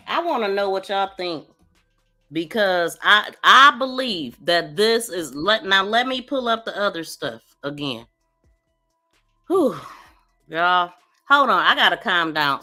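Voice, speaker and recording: A woman's voice: on the high side, pushed and bright. A woman hosting a true crime live stream, commenting emphatically and talking straight to her viewers. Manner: emphatic, outspoken, addresses viewers directly. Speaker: true crime podcast host.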